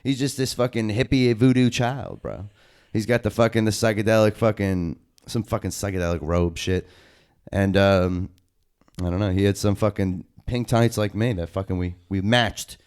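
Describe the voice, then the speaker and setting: Young male podcast host, resonant low voice, rambling hyped slang-heavy stories. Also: normal speed. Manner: loose, excited storytelling full of slang and swearing. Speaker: podcast co-host and indie wrestler. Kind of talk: casual profane chat.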